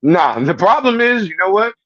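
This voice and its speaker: A man's voice: high voice, very animated, normal speed, fairly bright tone, no room sound. A man co-hosting a casual wrestling podcast, cracking profane jokes and laughing a lot. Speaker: podcast co-host. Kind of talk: casual wrestling recap chat. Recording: muffled lo-fi audio.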